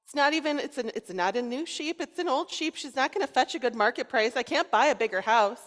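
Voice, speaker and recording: A woman's voice: lively intonation, brisk. A woman playing a frazzled man who complains about his crowded house, pleading and raising her voice. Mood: grumbling. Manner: pleading, complaining, higher and louder. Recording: long reverb in a large hall.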